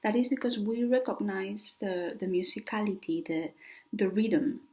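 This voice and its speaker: A woman with a Spanish accent, a native Spanish speaker, teaching an online language lesson in an unhurried, explanatory way with soft breathy stretches. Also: mid-range voice.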